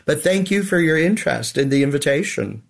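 A man's voice: a little high, animated, a little fast, creaky. An older man and drag performer speaking as an interview guest, talking in a theatrical, wistful and self-deprecating way. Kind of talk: radio interview.

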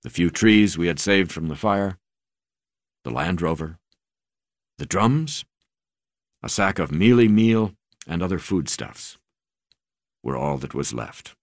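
A man narrates a memoir in a measured, deliberate reading. His voice sits very low. The recording is dry and close, with no room sound. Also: expressive, dry recording. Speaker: audiobook narrator.

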